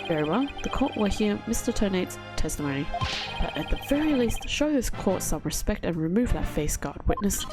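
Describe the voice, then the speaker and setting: A woman voicing a mild, kindly older male judge with formal, measured phrasing, over game music. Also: mid-range voice, big pitch swings, natural voice. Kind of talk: reading game dialogue aloud on stream.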